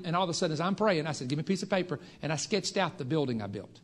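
A preacher man telling a folksy testimony to a congregation, building into shouted fervor. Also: fairly high pitch, very fast, hardly any pauses.

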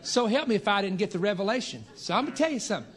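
A preacher man telling a folksy testimony to a congregation, building into shouted fervor. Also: sits high, lively intonation, very fast.

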